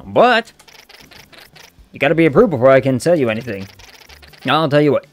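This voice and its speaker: A man's voice: mid-range voice, sing-song, normal speed, natural voice. Man doing a brash huckster raccoon. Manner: brash, wheeling-dealing huckster. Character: scrappy fast-talking male raccoon junk dealer.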